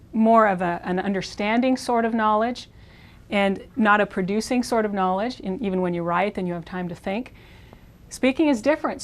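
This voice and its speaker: Patient woman teaching a language lesson. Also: mid-range voice. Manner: patient, repeats words slowly and clearly. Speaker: Spanish teacher. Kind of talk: classroom pronunciation lesson.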